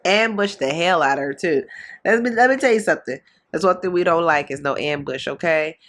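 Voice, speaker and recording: A woman giving blunt, gossipy commentary on a reality TV episode in a casual, animated way. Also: on the low side, brisk. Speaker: reaction commentator.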